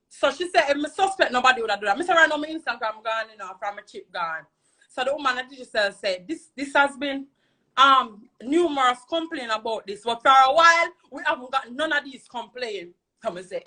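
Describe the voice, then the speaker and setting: A woman's voice: sits high, expressive, a little fast, bright, forceful tone. A young Jamaican woman telling a heated story in patois, talking to camera in a vlog. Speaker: social media personality.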